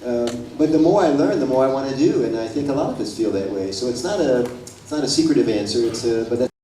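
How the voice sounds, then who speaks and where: A man's voice: medium pitch, expressive, fast talker, mellow, distant mic, slight background noise. Chatty man storytelling in an echoey hall. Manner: chatty, storytelling, many restarts. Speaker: panelist, Rotary district governor. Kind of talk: conference panel answer. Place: large conference hall.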